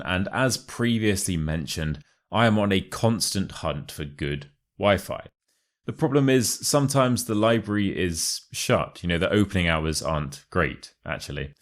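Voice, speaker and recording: A young man with a low, deep voice and a modern RP British accent, teaching everyday expressions. He talks in a chatty, joking way and drills phrases with exaggerated examples. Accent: modern RP British English. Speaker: English teacher. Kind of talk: casual YouTube English lesson.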